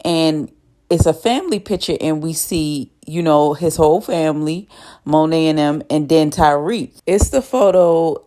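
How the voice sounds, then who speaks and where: Chatty, low-voiced woman recapping a show. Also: unhurried, mellow. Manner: chatty, profane, gossipy storytelling. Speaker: TV episode recapper. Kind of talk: casual episode recap.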